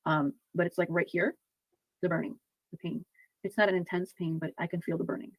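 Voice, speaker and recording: Medium in a clip, soft soothing repetitive talk, mid pitch, dry close sound. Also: steady tone, brisk, gravelly, no room sound, rough recording. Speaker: self-styled spirit medium.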